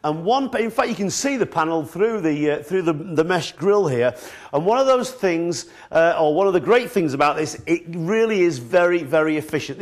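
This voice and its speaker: A middle-aged man with a northern English accent presenting a live shopping channel pitch, chatty, repeating words and calling viewers folks. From northern England.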